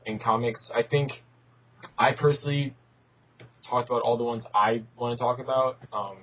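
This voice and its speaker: A man's voice: medium pitch, steady tone, normal speed. Laid-back male host, mid voice, muffled call line with a faint hiss. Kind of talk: casual chat.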